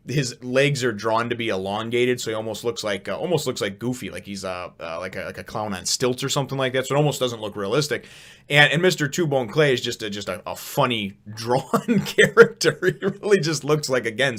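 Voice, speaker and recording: A man's voice: mid-range voice, fairly bright tone. A man casually reviewing a comic chapter, rambling with many fillers and frequent chuckles. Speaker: manga review host.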